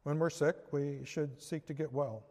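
Man, pastor, sermon, very slow and measured, long echoing reverb. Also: a little high, fairly even intonation, darkish tone. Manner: slow, measured delivery, closing in prayer.

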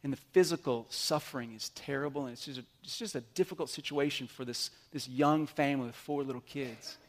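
A man preaching a sermon, animated, swinging between loud emphatic bursts and quiet asides. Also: medium pitch, fairly quick. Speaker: pastor.

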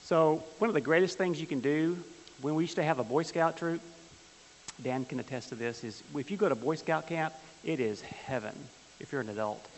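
A man's voice: on the high side, moderate pace. A man teaching a church Bible class with a folksy, joking manner, telling stories and asking the class questions. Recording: hissy, long-reverb hall.

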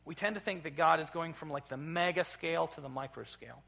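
A man preaching a sermon as pastor, emphatic, dropping low and then rising loud. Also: fast, creaky. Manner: emphatic, swings from quiet to loud. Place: church sanctuary.

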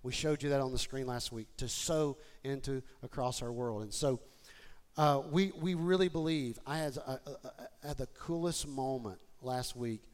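A man preaching a sermon to his church, moving from quiet, personal talk to shouted, excited appeals. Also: medium pitch, moderate pace. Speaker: pastor. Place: church sanctuary with congregation.

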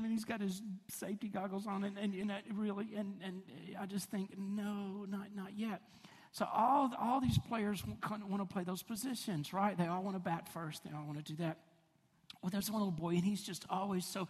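Husky-voiced pastor in a reverberant hall. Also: male voice, sits high, normal speed. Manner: conversational, chatty, laughing through stories. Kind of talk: sermon with personal storytelling.

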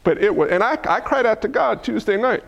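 A man preaching a sermon as pastor, fiery and animated, calling out to the congregation for responses and dropping folksy asides and loud exclamations. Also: high-pitched, a little fast, creaky, muffled recording.

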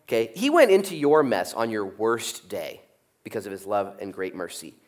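A middle-aged man preaching a sermon, animated, jumping from loud peaks down to soft asides. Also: fairly low pitch, normal speed. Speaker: pastor. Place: church sanctuary.

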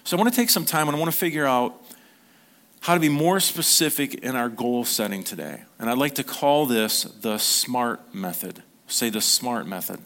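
A man's voice: medium pitch, lively intonation, moderate pace, fairly bright tone. A middle-aged man preaching an informal sermon to his congregation, talking conversationally, acting out short quotes and often restarting his sentences. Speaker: pastor.

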